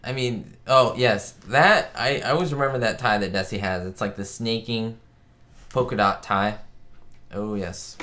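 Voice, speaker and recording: A man hosting a casual live stream, chatting about an old sitcom episode and answering viewers' comments with excitable asides. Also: lowish voice, unhurried. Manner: chatty, reads chat aloud, excitable asides. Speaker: host. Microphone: webcam setup.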